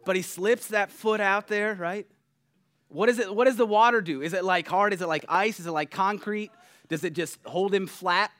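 A pastor preaching a sermon in a conversational, animated way, often checking in with the listeners. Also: male voice, high-pitched, normal speed. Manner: conversational, animated, keeps asking "right?".

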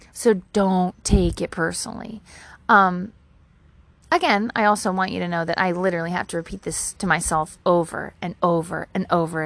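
A woman with a slightly higher voice gives loose, candid advice in a rambling monologue, swearing as she goes. She talks outdoors in her own yard. The sound is dry and close, with no room echo. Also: a bit bright. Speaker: vlogger.

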